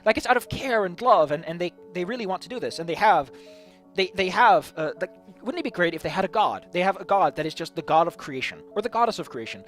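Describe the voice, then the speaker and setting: Animated and fast, this tabletop game video host speaks in a high, somewhat bright voice over faint background music. He rambles casually through tabletop game ideas, tripping over repeated words and restarting again and again.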